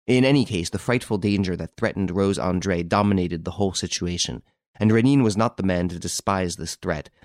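A man with a very low voice reads a classic detective novel aloud. His delivery is even and measured, and the characters' lines get only a light touch. The recording is dry and close, with no room sound. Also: no echo. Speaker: narrator. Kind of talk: scripted audiobook narration.

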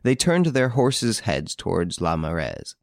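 Expressive low-voiced male story narrator. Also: unhurried, vocal fry, no echo, clean studio sound. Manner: expressive, varied storytelling delivery. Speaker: audiobook narrator. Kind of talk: scripted narration.

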